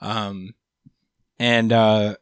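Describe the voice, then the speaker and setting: A man's voice: on the low side, level tone, drawn-out words, smooth. A laid-back man talks through a casual recap, swearing freely and laughing often. His speech is loose and full of filler words. The recording is dry and close, with no room echo.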